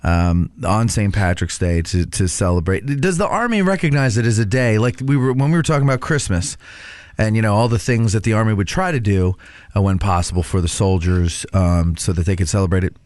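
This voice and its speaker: A man's voice: fairly low pitch, a little fast, a little mellow, no room sound, clean studio sound. A man hosting a podcast, asking curious questions in a playful, joking way. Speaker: podcast host. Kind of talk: podcast conversation.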